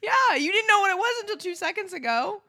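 Bright-toned woman cracking crude jokes. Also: very high voice, big pitch swings, quick pace. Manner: loud laughs, crude jokes, enthusiastic. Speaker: podcast co-host. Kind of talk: casual chat.

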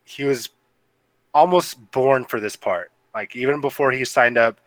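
A man's voice: mid-range voice, unhurried, fairly bright tone, dry recording, low-quality recording. A man co-hosting a casual movie review podcast, rambling with lots of fillers and laughter. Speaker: podcast co-host.

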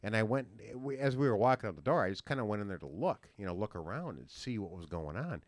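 Low-voiced man hosting a rambling chat. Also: lively intonation, quick pace, no echo. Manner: rambling, with frequent restarts and fillers. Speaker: podcast host. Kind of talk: casual chat.

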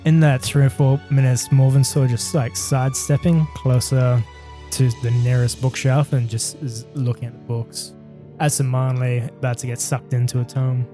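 Guy playing a tabletop game, mellow dark voice, polite in character. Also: mid-range voice, flat delivery, moderate pace, faint music behind. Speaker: player. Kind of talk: tabletop game role-play.

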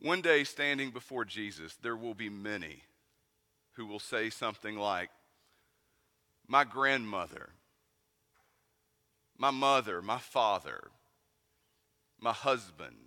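Man, East Tennessee Southern accent, folksy conversational sermon, sharp bright tone, church hall reverb. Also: fairly low pitch, lively intonation, takes it slowly, pauses often. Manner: conversational, folksy preaching with rhetorical questions. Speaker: pastor. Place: church sanctuary.

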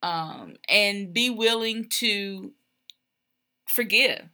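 A woman's voice: mid-range voice, extremely slow. A woman co-hosting a podcast with her husband, telling stories expressively and laughing easily. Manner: warm, laughing, expressive storyteller. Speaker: podcast co-host. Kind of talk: casual chat about marriage.

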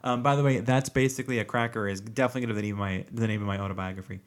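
A man talking casually as a podcast co-host, his voice sitting on the low side. He rambles with plenty of fillers and likes to poke fun at himself. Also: fairly even intonation, rapid-fire. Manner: joking, self-mocking, rambling with fillers. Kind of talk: casual chat.

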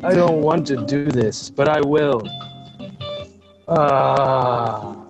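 A young man co-hosting a comedy podcast who reads a crude mock movie trailer in deadpan announcer style. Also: a little high, normal speed, dull audio. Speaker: podcast co-host. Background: guitar music.

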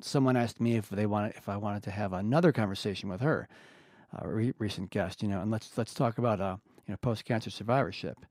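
A man's voice: fairly low pitch, brisk, darkish tone, no room sound, clean studio sound. A man talking openly as a podcast guest in casual, colloquial speech, acting out the remembered exchanges he describes. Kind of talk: candid podcast conversation.

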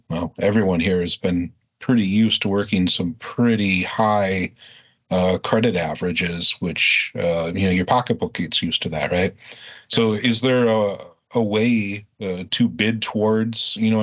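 Very low-voiced man asking questions casually. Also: fairly even intonation, a little slow, a bit bright. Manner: conversational, checks with "right?". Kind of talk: meeting Q&A. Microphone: video call. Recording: dull lo-fi video call audio.

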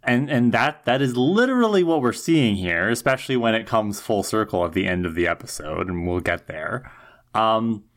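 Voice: mid-range voice, animated, normal speed. A podcast co-host giving earnest, opinionated commentary in casual chat, ranting with many restarts.

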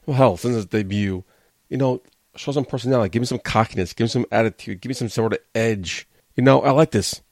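A man's voice: mid-range voice, quick pace, dry recording, studio quality. A man hosting a wrestling podcast, giving a blunt, sarcastic, casual review and swearing freely.

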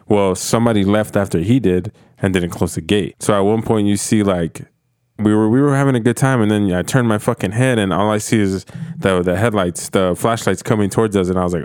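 A man's voice: lowish voice, fast, a little mellow, clear, resonant tone, dry recording, studio quality. A man telling a story in a casual chat among friends, laid-back and profane, laughing easily.

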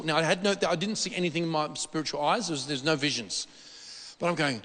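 A man preaching a sermon in a church hall, animated and repetitive, often restarting his sentences. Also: on the high side, fast talker. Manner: animated, repetitive, excitable delivery with frequent restarts. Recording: long reverb of a hall.

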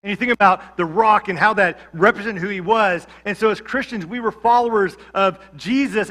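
Bright, high-voiced male pastor preaching. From Georgia, USA. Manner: conversational, humorous asides. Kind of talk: sermon.

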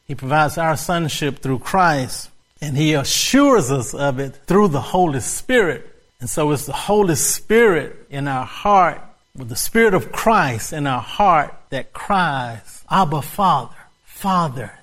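A male pastor preaching a sermon, repeating key words with emphasis and breaking into laughter. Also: fairly high pitch. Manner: repetitive, emphatic, bursts into laughter.

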